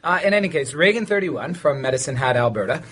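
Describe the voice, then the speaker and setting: A man's voice: fairly high pitch, animated, quick pace, a bit bright. A man from Canada hosting a teachers' podcast in casual, joking chat. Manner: joking, playful, puts on silly voices. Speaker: podcast host.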